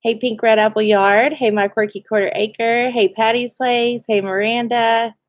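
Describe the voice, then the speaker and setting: A woman's voice: fairly high pitch, fairly even intonation, normal speed, no echo, clean studio sound. A woman, co-hosting a homestead livestream and cheerfully greeting viewers by name with frequent laughs. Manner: cheerful, laughs often, reads viewer names.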